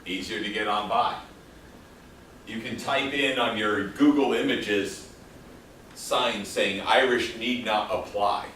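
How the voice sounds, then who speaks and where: A man's voice: lowish voice, takes it slowly, fairly bright tone, distant mic, slight background noise. Joking male lecturer in an echoey room. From El Paso, Texas. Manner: casual, joking, quizzes the class. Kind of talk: classroom lecture. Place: classroom. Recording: echoey classroom taped from afar.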